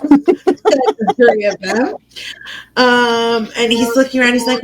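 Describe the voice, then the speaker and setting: A slightly high-pitched woman co-hosts a casual book chat podcast. She talks slowly, but her pitch swings widely as she retells scenes and slips into little character voices. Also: expressive, poor audio. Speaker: podcast co-host.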